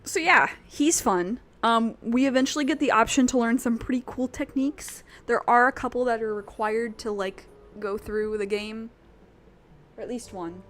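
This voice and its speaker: A woman's voice: fairly high pitch, normal speed, fairly bright tone. A young woman streaming a video game, chatting casually in a rambling, giggly way. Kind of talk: casual chat while playing a video game.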